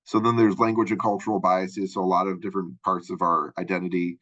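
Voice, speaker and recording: This college instructor from Minnesota is middle-aged, with a very low, husky voice and a flat delivery. He rambles casually through his lecture, padding pauses with "um" and tagging on "right?" to check in. The close-mic recording is dry, dull and lo-fi, slightly bright, with no echo.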